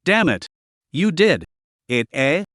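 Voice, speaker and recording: A man's voice: fairly high pitch, sing-song, takes it slowly, dry recording, studio quality, heavily acted. A man reading the lines of an arrogant, hot-tempered young male dragon knight in a story recap, with little change from his narrating voice. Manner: brash, shouting.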